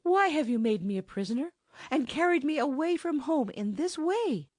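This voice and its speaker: Woman doing a young fairy queen, gentle, pleading, high and lively. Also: measured pace, no echo, clean studio sound.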